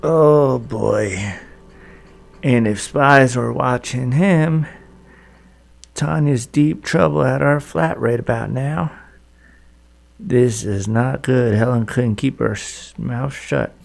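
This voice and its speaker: A man's voice: mid-range voice, slow pace, gravelly. A man casually commenting to his viewers as he plays through a story game. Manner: folksy, chatty, talks to viewers. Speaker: gaming video host.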